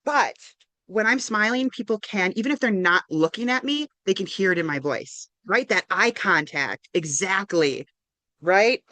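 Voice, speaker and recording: A woman's voice: medium pitch, a bit bright, no room sound. A woman counselor giving an interactive online workshop, upbeat and encouraging, often checking in with "right?". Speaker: counselor and presenter. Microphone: video call.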